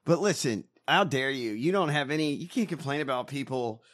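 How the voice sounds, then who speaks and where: A man's voice: mid-range voice, lively intonation, fairly quick, fairly bright tone. A man co-hosting a casual political chat, ranting and mocking with lots of swearing. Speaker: podcast co-host.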